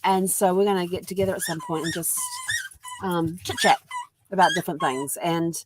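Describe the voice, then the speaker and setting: A woman's voice: fairly low pitch, steady tone, normal speed, noisy background. A woman from New Zealand with a New Zealand accent, chatting casually in a rambling daily vlog, full of ums. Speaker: vlogger. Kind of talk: casual chat. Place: at home with her dog.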